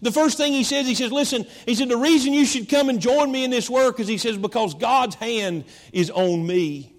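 A man preaching a sermon as pastor, repeating phrases and slowing down for dramatic emphasis. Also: very high voice, big-room sound. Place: church.

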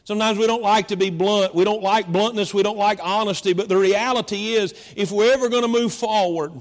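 A man preaching a sermon as pastor, repeating phrases and slowing down for dramatic emphasis. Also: high-pitched, fairly even intonation, big-room sound. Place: church.

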